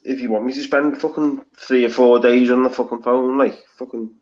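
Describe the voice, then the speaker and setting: A man with a Liverpool Scouse accent joins a live stream panel as a guest, trading casual banter bluntly, swearing heavily, and restarting his rambling thoughts. His mid-range voice is steady, slightly fast, and darkish, and the audio is a bit lo-fi.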